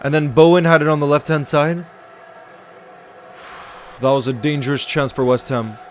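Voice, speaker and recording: A man giving excitable live commentary on a football match while greeting viewers in his chat. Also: on the high side, normal speed, slight background noise. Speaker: watchalong streamer.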